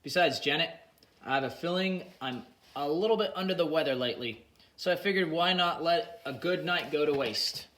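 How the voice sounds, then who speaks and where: A man voicing a boozy, cheeky male drinking buddy who jokes around loudly, in an audiobook reading. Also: a little high, moderate pace, voice pushed up, natural voice. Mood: boisterous. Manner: jokey, slangy, loud and boisterous.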